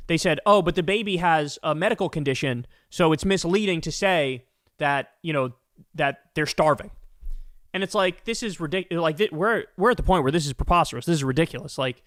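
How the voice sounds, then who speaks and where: A man's voice: on the high side, fairly bright tone, no room sound, studio quality. A man hosting a political commentary show, ranting angrily and emphatically with lots of profanity.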